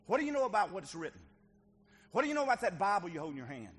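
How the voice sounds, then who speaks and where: A male pastor preaching a sermon to his church, moving from quiet teaching to shouted exhortation. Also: sits high, big pitch swings, racing, breathy edge, long reverb tail.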